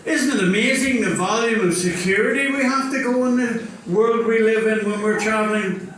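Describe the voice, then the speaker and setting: A man's voice: sits high, crowd noise. An older man performing a stand-up routine, telling stories with dry punchlines. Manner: storytelling, unhurried with dry punchlines. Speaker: stand-up comedian. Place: live venue with audience. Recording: echoey hall, far from mic, faint noise.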